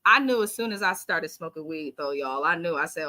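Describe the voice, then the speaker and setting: Bright-voiced woman, sassy live recap. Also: sits low, a little fast, hardly any pauses. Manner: animated, sassy, reads out viewer comments. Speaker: podcast host recapping a reality show. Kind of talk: casual live-stream recap chat.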